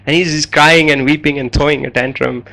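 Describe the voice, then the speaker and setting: Casting note: man, guest lecturer, bright forceful tone, chatty story-driven delivery with everyday fillers. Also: on the high side, steady tone, fairly quick, creaky, slight background noise, low-quality recording. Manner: conversational, anecdotal, frequent fillers.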